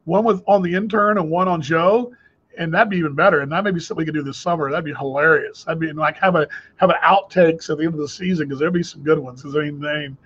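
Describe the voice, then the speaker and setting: A man's voice: on the high side, fast, a bit bright, breathy edge, highs cut off. A man hosting a casual video call chat, telling rambling stories full of restarts. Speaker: host.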